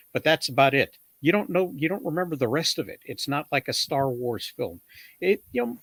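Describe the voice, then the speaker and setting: A man talking in a measured way about comic book films, often pausing with "uh" and "um". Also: mid-range voice, no room sound. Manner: measured, many fillers like uh and um. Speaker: podcast guest. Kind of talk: casual movie discussion.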